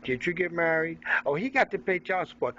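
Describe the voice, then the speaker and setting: Man doing a nagging woman's voice, bossy, scolding, higher-pitched, dull lo-fi recording with faint noise. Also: lively intonation, a little fast, sharp tone. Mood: demanding. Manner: bossy, scolding, high put-on voice.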